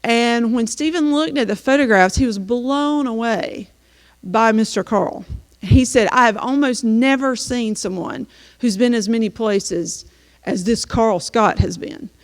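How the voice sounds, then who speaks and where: A teacher from North Carolina gives a slideshow presentation to an audience, her voice a little high and a little slow. She tells her story in a chatty way, filling gaps with frequent "um"s, while a long reverb trails through the echoing hall.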